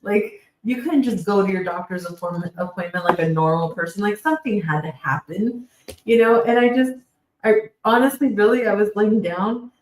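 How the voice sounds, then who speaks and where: A woman's voice: medium pitch, moderate pace, noisy background. A woman co-hosting a podcast, retelling a phone call in a wry, amused way. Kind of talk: casual chat. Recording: roomy echo, away from the mic.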